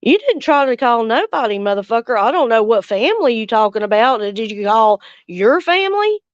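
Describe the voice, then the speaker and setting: A woman's voice: on the high side, sing-song, fairly quick, no room sound, highs cut off. Angry, blunt woman in her forties. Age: 40s. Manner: angry, blunt, heavy swearing, reads out viewer comments. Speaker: livestream host. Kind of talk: casual livestream chat with viewers.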